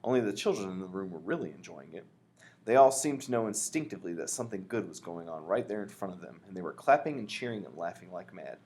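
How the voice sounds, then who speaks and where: Brief: lively male storyteller, lower voice, animated reading. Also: quick pace. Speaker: reader. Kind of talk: reading a children's book aloud.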